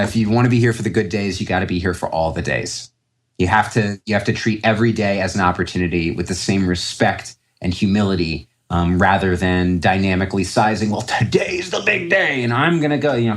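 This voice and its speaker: A young man talking casually as an interview guest, rambling with many fillers and restarts. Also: low-pitched. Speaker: podcast guest, trader.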